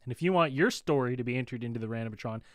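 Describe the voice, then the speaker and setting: A man's voice: mid-range voice, racing, no echo, studio quality. A man hosting a podcast, chatting casually with fillers and reading out the chat. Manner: laid-back, filler-heavy, reading chat. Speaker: podcast host.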